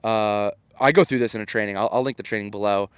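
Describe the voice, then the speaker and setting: A man in his thirties, a podcast host and storytelling coach, delivers a casual solo monologue on his own show in a low-ish, fairly even voice. He talks fast and smoothly on a dry recording, sounding earnest and encouraging while frequently restarting sentences.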